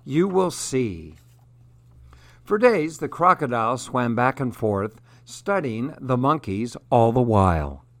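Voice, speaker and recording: A man reading a children's story aloud in a measured, unhurried way. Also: medium pitch, very animated, a bit bright.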